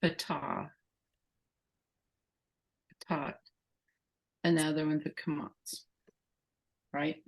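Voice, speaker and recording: A woman's voice: low voice, little pitch movement, slow, vocal fry, pauses often, poor audio. A woman student in a language lesson, thinking aloud hesitantly and asking questions. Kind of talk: tutoring session.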